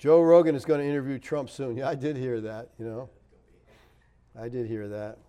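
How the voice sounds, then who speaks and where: Middle-aged man, pastor answering viewer comments; relaxed dark timbre, chatty and emphatic. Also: normal speed, clear, resonant tone, highs cut off. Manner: chatty, laughs often, rises emphatic then drops low. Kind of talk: casual live-stream chat reading comments.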